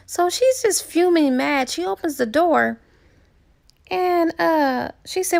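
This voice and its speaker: A woman's voice: very high voice, animated, takes it slowly, gravelly, darkish tone. A woman casually retelling a novel's plot as a book reviewer, chatty and slangy, with fillers.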